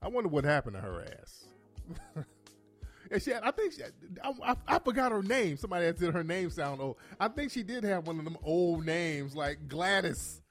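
A man in his forties hosting a call-in radio show, telling profane, animated stories and laughing often. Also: sits high, moderate pace, soft background music. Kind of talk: comedic call-in radio talk.

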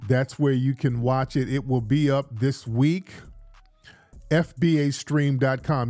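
A man's voice: mid-range voice, a little mellow, no echo. A man hosting a casual livestream, hyping up his audience with repeated call-outs and loose, chatty talk. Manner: hyped, repetitive, addressing the audience. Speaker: livestream host. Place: indoors, rainy day.

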